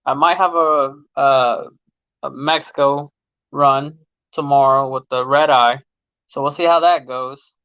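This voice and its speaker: A man's voice: medium pitch, fairly even intonation, a little slow, clear, resonant tone, no echo, highs cut off. A man in his late thirties, a mechanic hosting a casual livestream, chatting loosely with viewers in slang and laughing often. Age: late 30s. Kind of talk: casual livestream chat reading viewer comments. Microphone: phone.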